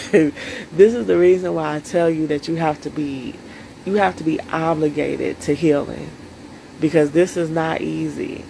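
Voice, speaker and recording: Earnest woman with a gravelly voice. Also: sits low, steady tone, moderate pace, mellow, slight background noise, rough recording. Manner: earnest, speaks straight to viewers; emotional. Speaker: self-care coach. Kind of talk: solo live stream talk.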